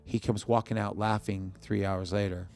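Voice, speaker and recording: A man with a very deep, gravelly voice tells a personal story as a guest in a podcast studio. He talks in short bursts, acting out the lines of the people in his story, and his rough low tone sits close to a studio mic. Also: level tone, normal speed, darkish tone. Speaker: musician guest. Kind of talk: emotional personal storytelling in an interview.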